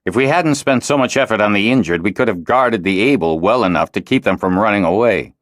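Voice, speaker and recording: A man's voice: fairly low pitch, animated, fairly quick, dry recording, studio quality, voice pushed up, natural voice. A man reading an audiobook, voicing a harsh, domineering male weir leader who barks scathing orders. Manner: venomous, scathing commands, shouting. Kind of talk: audiobook character voice.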